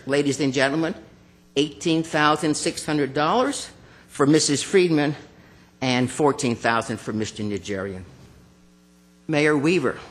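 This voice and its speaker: Male public commenter, fairly high voice, accusatory and combative, speaking at a council chamber podium mic. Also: fairly bright tone. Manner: accusatory, confrontational; addresses officials by name.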